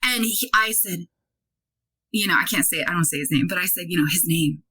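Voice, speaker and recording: A woman in her thirties, a podcast guest, telling a story in a casual, animated way, full of "like" and acted-out dialogue. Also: lowish voice, brisk, breathy edge, poor audio. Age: 30s. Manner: animated, many "like" fillers, acts out quoted dialogue.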